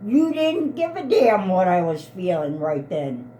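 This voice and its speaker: A woman's voice: lowish voice, big pitch swings, measured pace, dark tone, a little hiss or hum. Upset woman in her eighties. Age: 80s. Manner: upset, pleading and repetitive. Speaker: elderly mother. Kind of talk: heated family argument.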